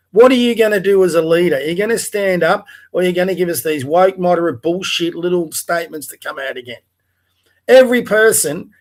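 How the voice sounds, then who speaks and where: An Australian man with a fairly high voice delivers a furious rant on his livestream. He talks bluntly, swears often and fires off heated rhetorical questions. He sounds like he is speaking from home. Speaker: livestream host. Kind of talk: angry political rant. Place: home, in front of a TV.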